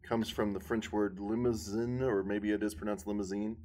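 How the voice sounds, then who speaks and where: A man with a fairly low voice talks in a casual group conversation. He rambles through long explanations, stopping and restarting as he works out his point. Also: flat delivery, normal speed, a little mellow.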